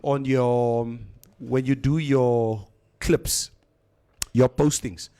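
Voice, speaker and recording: A man's voice: mid-range voice, takes it slowly, smooth. A man hosting a morning show, chatting casually and reading out listener comments while slipping into Afrikaans phrases. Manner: animated, slips into Afrikaans phrases. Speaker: radio show host.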